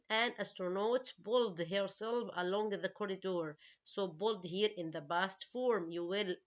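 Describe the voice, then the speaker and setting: A woman English teacher, a non-native speaker whose first language is Arabic, explains vocabulary and grammar slowly, asks her students questions and makes small grammar slips. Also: mid-range voice. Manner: slow, explains each word and asks questions. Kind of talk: online English lesson. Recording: slightly dull lo-fi recording.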